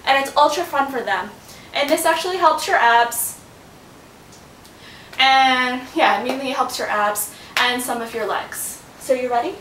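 A woman filming a casual home workout in her bedroom, chatting and talking to her baby as she exercises, getting out of breath. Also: a bit bright. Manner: chatty, talks to her baby in a sing-song voice. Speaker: vlogger. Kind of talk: casual home fitness demonstration. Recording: roomy, from a distance with faint rumble.

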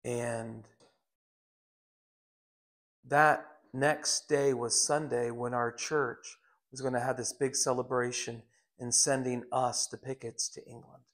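A man's voice: mid-range voice, level tone, slow, pauses often, fairly bright tone. A middle-aged man preaching a sermon, telling stories earnestly with frequent restarts. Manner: earnest, storytelling with repeated restarts.

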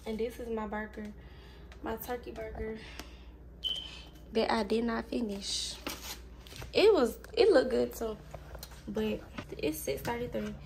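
Young woman, sick, blunt casual vlog talk, gravelly fry, noisy phone audio. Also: a little high, measured pace, pauses often. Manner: frank, swears freely, tired and irritated. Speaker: vlogger. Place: at home, indoors. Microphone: phone camera.

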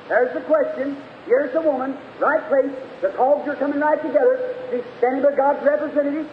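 A man's voice: very high voice, fairly quick, narrow, tinny audio, slight background noise. A man in his forties preaching a sermon in a church hall, telling the story in a folksy, fervent way, captured on an old 1950s sermon tape. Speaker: evangelist preacher.

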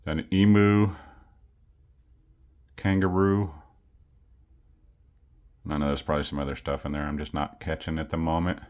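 Man, low voice, relaxed chatty coin-vlog host, pokes fun at himself. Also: moderate pace, long pauses. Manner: easygoing, chatty, self-deprecating. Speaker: coin collecting channel host. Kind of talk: casual unboxing vlog.

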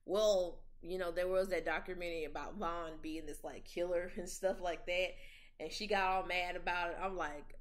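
A young woman hosting a casual commentary chat, outspoken and animated, often stammering and restarting with plenty of slang. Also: on the low side, normal speed. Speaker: podcast host.

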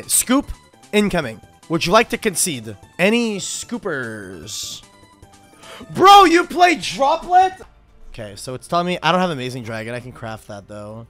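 A young man streaming a card game, reacting loudly, swearing often and talking to his chat. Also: high voice. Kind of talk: game livestream commentary.

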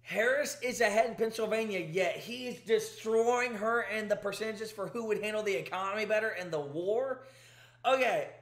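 Male commentary host, emphatic and exasperated, high-pitched, echoey room. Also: normal speed, fairly bright tone. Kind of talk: ranting commentary.

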